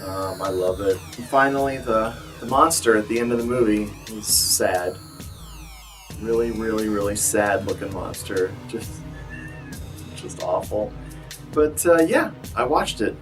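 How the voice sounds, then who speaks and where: Speaking over music at a measured pace, a man with a voice on the low side rambles through a casual movie-review vlog. He's wry and self-deprecating, uses lots of fillers, seems tired and a bit bloated, and sounds a little far from the mic.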